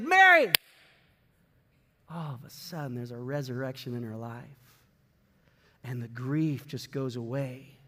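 High-voiced pastor preaching in a hall. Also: male voice. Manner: swings from loud bursts to hushed, drawn-out words. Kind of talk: sermon. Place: church sanctuary. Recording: long hall reverb.

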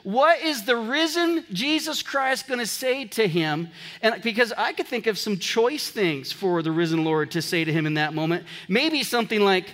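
A man pastor preaching an animated sermon to his congregation, breaking off now and then to joke with them, recorded in a church. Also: high-pitched, moderate pace, long reverb tail. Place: church sanctuary.

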